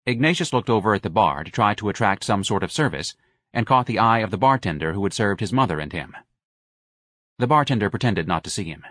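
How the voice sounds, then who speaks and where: A man narrating an audiobook in a measured, wry storytelling manner. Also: lowish voice, expressive, a bit bright, no room sound, studio quality. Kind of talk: scripted narration.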